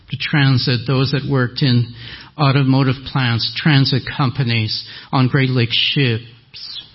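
Slow-speaking older French Canadian preacher. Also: male voice, medium pitch. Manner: slow, deliberate preaching with gentle humor. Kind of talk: sermon. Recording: dull lo-fi audio.

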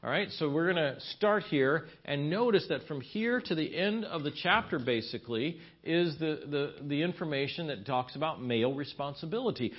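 A man teaching a marriage seminar in a church, speaking in a folksy, conversational way and telling stories with asides and restarts. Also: fairly high pitch. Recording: slightly dull lo-fi recording.

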